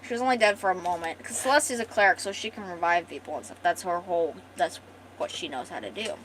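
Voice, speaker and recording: A woman streamer retelling a story in casual, animated chat. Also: fairly low pitch, fast, a little hiss or hum, rough recording.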